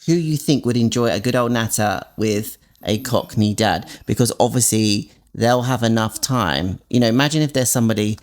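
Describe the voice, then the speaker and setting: A man's voice: medium pitch, moderate pace. A young man hosting a casual podcast with his dad, teasing him playfully and steering each segment. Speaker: host, son.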